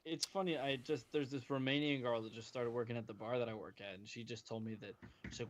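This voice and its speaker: A man's voice: medium pitch, steady tone, quick pace, highs cut off, a little hiss or hum. A man from New Jersey, a podcast guest, chatting casually and telling stories, often repeating words. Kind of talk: casual chat.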